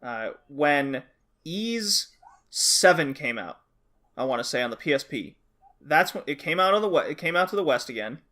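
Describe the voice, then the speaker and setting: A man with a somewhat high voice talks through a topic on a casual podcast. He explains at length, restarts his sentences, and keeps checking in with his co-host. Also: animated, normal speed, bright, forceful tone.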